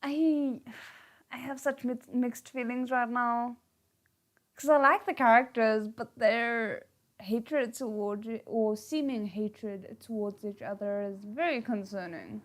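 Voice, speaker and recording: Slow-talking, high-voiced woman reacting while reading. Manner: animated, exclaiming reactions between read lines. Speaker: streamer reading comics aloud. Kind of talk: live read-aloud with reactions.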